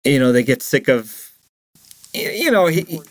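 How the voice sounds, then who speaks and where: A man co-hosting a casual sports podcast, telling animated stories and laughing as he quotes people. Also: mid-range voice, measured pace, no echo. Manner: animated storyteller, acts out quotes, laughs a lot. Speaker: podcast co-host.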